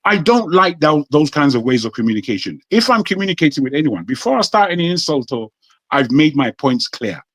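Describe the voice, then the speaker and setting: Brief: British-accented male guest, indignant and forceful, slightly higher voice. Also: very animated, brisk, dry recording. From Nigeria. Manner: forceful, indignant, repeats phrases. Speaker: debate guest. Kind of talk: heated panel debate.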